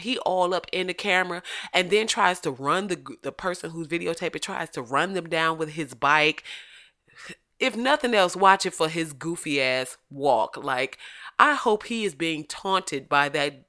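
A woman hosting casual opinion commentary, blunt and animated, swearing freely as she talks. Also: deep voice. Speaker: commentary host.

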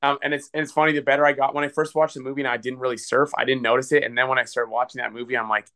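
A man's voice: mid-range voice, little pitch movement, very fast, pushed and bright. A man, a filmmaker guest on a podcast, talking casually and rambling with lots of filler words. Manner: rambling, filler-heavy, full of "like". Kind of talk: casual conversation.

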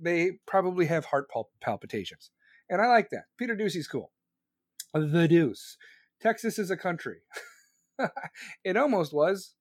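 A man's voice: high voice, big pitch swings, unhurried, long pauses, no echo. A man hosting a live stream, talking in a rambling, crude and sarcastic way and reading viewer comments aloud. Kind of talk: casual profane rant.

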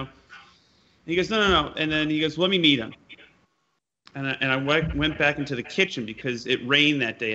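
A man's voice: mid-range voice, sharp tone. A man interviewing a fellow musician in a chatty way, using musician slang. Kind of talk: casual conversational interview. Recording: dull lo-fi sound with faint noise.

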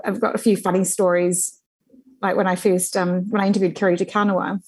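A woman spins her work stories in an easy, conversational way. She talks at a middling pitch, stacking fillers and quick restarts as the anecdotes roll out. She sounds like a journalist being interviewed about her career. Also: husky, poor audio. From New Zealand. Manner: animated anecdotes with frequent fillers and laughter. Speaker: journalist guest.

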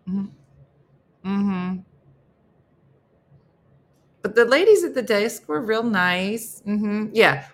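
A woman hosting a morning show, telling a story in casual chat and acting out both sides of phone calls with big jumps in her voice. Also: fairly low pitch.

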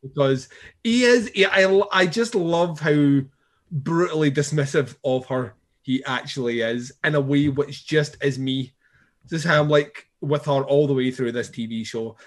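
A man's voice: fairly high pitch, unhurried. A man co-hosting a podcast in casual chat, rambling through a recap of a TV show with frequent swearing and restarts. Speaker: podcast co-host.

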